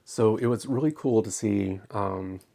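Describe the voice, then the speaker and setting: Gravelly, husky man on a livestream. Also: fairly low pitch, warm tone. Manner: emotional, halting, many ums, close to tears. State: tearful. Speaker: crafting channel host. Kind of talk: casual livestream talk.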